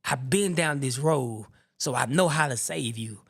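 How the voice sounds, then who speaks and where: A man putting on the voice of a calm, confident male surgeon, speaking in a measured, reassuring way, a little higher than his own voice. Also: vocal fry.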